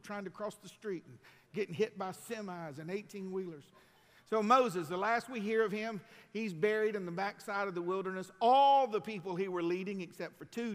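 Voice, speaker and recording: A man preaches a sermon from the pulpit, his voice sitting high. He swings between loud, ringing emphasis and easy, folksy asides. The sound carries a long reverb from a large church hall. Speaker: pastor. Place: church sanctuary.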